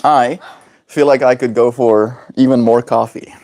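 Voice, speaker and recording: A man's voice: mid-range voice, steady tone, a little slow, a little mellow. A man hosting a daily livestream, chatting in a playful, rambling, jokey way. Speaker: livestream host. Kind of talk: casual livestream chat.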